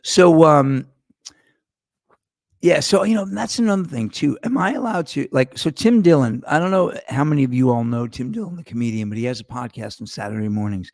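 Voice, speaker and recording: A middle-aged man hosts his own podcast in a loose, rambling monologue, swearing freely and wandering off topic. His voice has a gravelly edge, and the sound is dry and close with no room around it. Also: mid-range voice, lively intonation, brisk, darkish tone, no echo. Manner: rambling, profane, digressive. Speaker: podcast host. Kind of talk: casual monologue.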